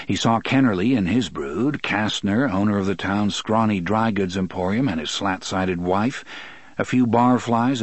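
Low-voiced male audiobook narrator. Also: no echo. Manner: measured, even storytelling. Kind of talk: scripted narration.

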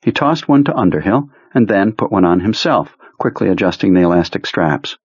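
Low, husky male audiobook narrator. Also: lively intonation, brisk, darkish tone, no room sound, highs cut off. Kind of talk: scripted narration.

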